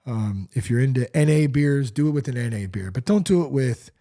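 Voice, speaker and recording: A man's voice: mid-range voice, lively intonation, fairly quick, dark tone. A man hosting a casual solo podcast, talking loosely with lots of fillers and some swearing. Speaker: podcast host.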